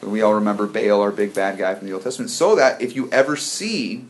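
A man's voice: fairly low pitch, expressive, brisk. A man leading an informal church Bible study for a small group, chatty and prone to stumbling over words.

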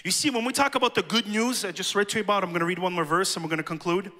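Male pastor, sermon storyteller, high voice, long hall reverb. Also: very fast, hardly any pauses, sharp tone. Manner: personal storytelling, addresses the church directly. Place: church sanctuary.

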